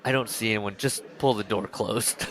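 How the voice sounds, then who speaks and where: A man's voice: lowish voice, fairly even intonation, normal speed, a bit bright, slight background noise. A man co-hosting a casual book-club podcast, reading passages aloud and mocking them with frequent laughter. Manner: sarcastic, mocking, laughs often. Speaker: podcast co-host.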